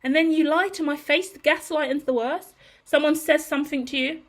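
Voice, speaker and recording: Woman, tarot reader, heated profane rant, blunt, higher voice. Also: steady tone, a little fast. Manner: blunt, profane, ranting with rising intensity. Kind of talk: heated monologue to camera.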